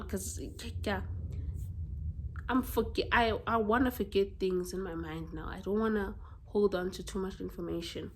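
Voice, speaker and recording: A woman's voice: medium pitch, normal speed, a little hiss or hum. Blunt South African woman reviewing books. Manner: blunt, expressive, swears freely. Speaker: book vlogger. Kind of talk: casual book review chat.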